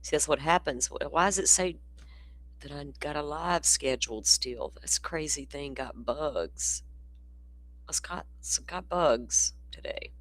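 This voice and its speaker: A deep-voiced woman hosts a casual livestream at a measured pace. Sleepy and yawning again and again, she rambles on bluntly and with plenty of profanity.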